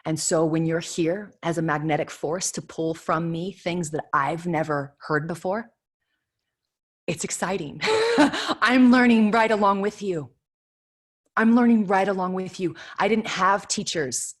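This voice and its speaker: A woman's voice: on the low side, measured pace. A woman in her thirties giving an earnest inspirational spiritual talk as leader of an online prayer circle, repeating affirmations with emphasis. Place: home video call.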